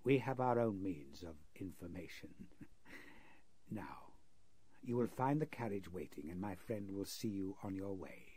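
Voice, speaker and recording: A man voicing a sinister older male kidnapper who speaks in a quiet, half-whispered, cold way with a nervous giggle, in a 1930s radio drama. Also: low-pitched, expressive, husky, dry recording, full character voice. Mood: menacing. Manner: quiet, slow, coldly threatening.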